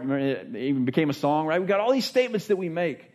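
A man's voice: a little high, animated, fast, darkish tone. A man preaching a conversational sermon, earnest and plain-spoken, often restarting his thoughts and acting out what people say. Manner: earnest, repeats words while restarting thoughts; acts out quoted speech with voices. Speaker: pastor.

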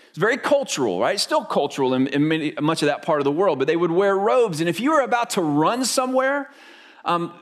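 A man in his forties from Florida, preaching a sermon in a chatty, storytelling way and asking the congregation questions. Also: high voice. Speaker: pastor.

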